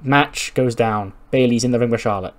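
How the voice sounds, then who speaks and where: A man's voice: medium pitch, normal speed. Casual, swearing male game narrator. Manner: casual, swears, acts out characters. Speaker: game commentator. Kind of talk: narrating a wrestling sim playthrough.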